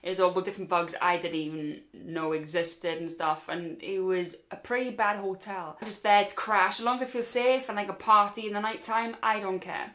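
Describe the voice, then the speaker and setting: A woman's voice: medium pitch, fairly even intonation, moderate pace, few pauses, a bit bright. A young woman with a Welsh accent telling a story to her viewers in a chatty, rambling way, talking to them as guys. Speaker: vlogger. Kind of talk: casual storytime.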